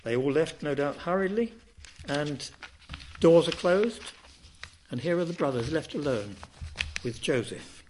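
A man's voice: on the high side, animated, measured pace, pauses often, darkish tone, slight background noise. A man preaching a sermon, telling a Bible story with dramatic, rising and falling emphasis.

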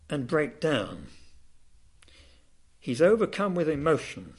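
Lively, dramatic male preacher. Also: on the high side. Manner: dramatic, rising and falling emphasis. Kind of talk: sermon.

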